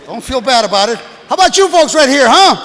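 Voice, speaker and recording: Brash high-voiced man in his sixties doing stand-up. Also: very animated, fast. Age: 60s. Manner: brash, crowd-working, shouting at the audience. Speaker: stand-up comedian. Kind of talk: stand-up comedy set. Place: comedy stage before a live audience. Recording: live hall with long reverb, faint room noise.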